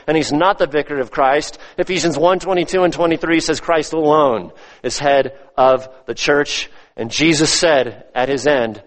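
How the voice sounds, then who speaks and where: A man pastor preaching a sermon with emphatic delivery that swells loud and drops low. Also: moderate pace. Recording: long reverb of a large hall.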